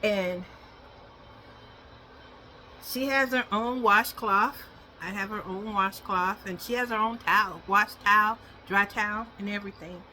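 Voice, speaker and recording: A woman's voice: medium pitch, a little slow, long pauses, sharp tone, a little hiss or hum. A woman chatting casually in a home vlog while brushing her dog's teeth, rambling and switching to coaxing baby talk. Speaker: dog owner vlogger.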